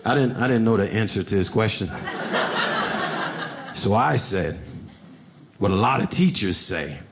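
A man doing stand-up comedy, telling stories and acting out characters with big jumps in pitch, on a comedy club stage. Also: lively intonation, a little slow, gravelly, heavy background noise.

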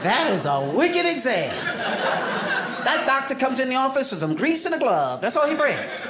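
A middle-aged man doing a stand-up comedy set on a club stage, working the crowd with lively, animated delivery while fighting off a cold. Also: extremely high pitch, normal speed. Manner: animated crowd work with character voices. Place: comedy club stage before a live audience. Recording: live club recording with loud crowd noise.

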